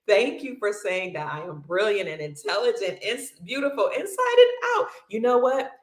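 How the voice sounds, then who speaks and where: A woman hosting a livestream, chatting casually and warmly thanking viewers by name, calling them honey, sister and family, long-winded and bubbly. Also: mid-range voice, sing-song, moderate pace, reverberant. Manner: effusive and affectionate, calls viewers honey, sister, brother and family. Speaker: livestream host. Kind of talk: casual livestream chat reading viewer comments.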